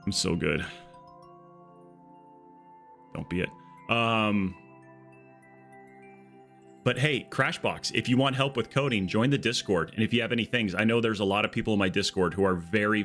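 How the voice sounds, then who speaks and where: A man's voice: fairly low pitch, normal speed, pauses often, fairly bright tone, soft background music. Chatty male game streamer. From Arizona. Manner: rambling, chatty, peppered with "okay?". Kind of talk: casual live-stream chat.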